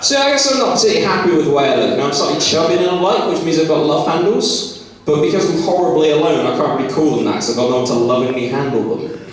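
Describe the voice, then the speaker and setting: A man's voice: a little high, fast talker. A young man from Somerset doing self-deprecating stand-up and chatting with the crowd in a small comedy club. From Somerset, England. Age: young adult. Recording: echoey venue, mic heard from a distance.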